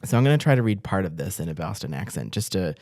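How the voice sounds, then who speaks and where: A man from Massachusetts talks through the week's stories in a casual rundown, cracking jokes and laughing between fillers. His voice is low, and the sound is close and dry. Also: very animated, quick pace, darkish tone, dry recording. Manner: joking, laughs often, many fillers. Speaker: newspaper reporter co-hosting a news rundown. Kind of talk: casual news rundown chat.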